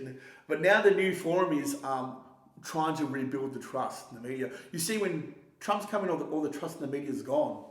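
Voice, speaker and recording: A man with a somewhat high voice holds forth in a loose, casual conversation. He rambles, swears freely and keeps restarting his sentences, getting animated as he goes. His voice has a roomy echo around it. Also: brisk. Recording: echoey roomy sound.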